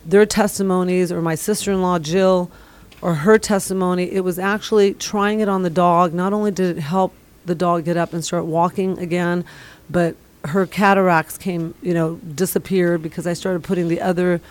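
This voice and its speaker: A woman's voice: fairly low pitch, steady tone, moderate pace. A middle-aged woman from the Middle East telling a long personal testimonial in an earnest, rambling way. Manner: earnest, rambling, many fillers. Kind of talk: casual storytelling.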